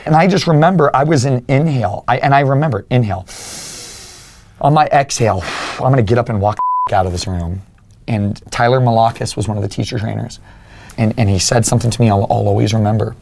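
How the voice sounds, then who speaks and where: With faint music behind him, a young man talks fast in a mid-range voice that's gravelly and a little mellow. As a fitness coach on a podcast, he earnestly recounts his own story, acting out past conversations.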